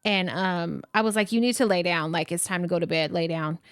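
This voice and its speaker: A woman's voice: on the low side, steady tone, fairly quick, smooth. A woman in her thirties co-hosting a podcast, telling stories in casual chat, swearing freely and laughing often. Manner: profane, laughing storyteller. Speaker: podcast co-host.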